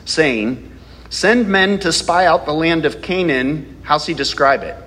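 Male pastor, mid-pitched with a lively, swinging delivery and a husky edge; preaching live in a church sanctuary with a long hall reverb. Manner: animated preaching, reading scripture aloud, rhetorical questions. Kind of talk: sermon.

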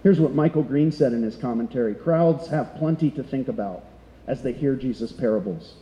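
A man's voice: medium pitch, fairly quick, warm tone, muffled recording. A middle-aged man preaching a sermon as pastor, conversational and full of rhetorical questions. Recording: echoey hall.

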